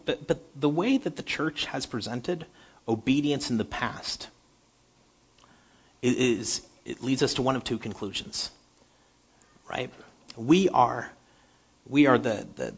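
A man preaching a sermon, halting and repeating words, moving from animated stretches to hushed earnest ones. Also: mid-range voice, breathy edge, dull audio.

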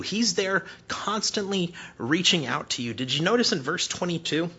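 A man in his thirties preaching a sermon as a pastor, animated and emphatic, at times close to shouting, then dropping to a hushed, slow voice for prayer. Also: high voice, slightly rough, lo-fi sound.

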